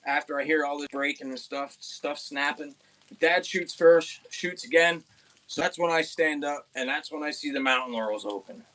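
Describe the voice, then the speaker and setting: A young man from Pennsylvania, hosting an outdoors channel, telling a rambling, excited hunting story with many restarts. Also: on the high side, moderate pace. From Pennsylvania, USA.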